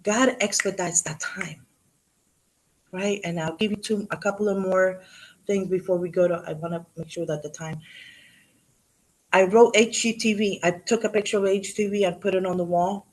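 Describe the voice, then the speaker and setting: A woman in her fifties giving a motivational talk to a live audience, telling animated stories, acting out what people said and dropping in Spanish words. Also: medium pitch, moderate pace. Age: 50s. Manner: animated storyteller, acts out quotes, mixes in Spanish. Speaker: real estate agent and motivational speaker.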